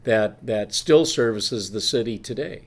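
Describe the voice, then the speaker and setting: A man's voice: lowish voice, unhurried. A man from Wisconsin who heads a brewery, telling its history in an informative, precise way. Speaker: brewery president. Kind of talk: interview answers.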